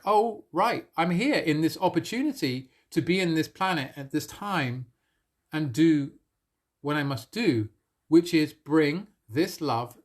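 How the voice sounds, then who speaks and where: A man sharing a personal spiritual experience on a live stream, earnest and emotional, with soft laughs between phrases. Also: on the high side. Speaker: spiritual coach.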